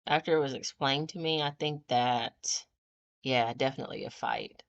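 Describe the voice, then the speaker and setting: A woman's voice: extremely low pitch, moderate pace, lo-fi sound. A middle-aged woman, the host's mother, chatting casually with short replies and frequent laughter. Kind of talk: casual chat.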